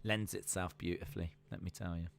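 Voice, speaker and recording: A man's voice: low voice, steady tone, fairly quick, vocal fry, faint music behind. A man chatting casually on a live reaction stream, repeating himself often as he talks. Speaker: streamer hosting a watch-along.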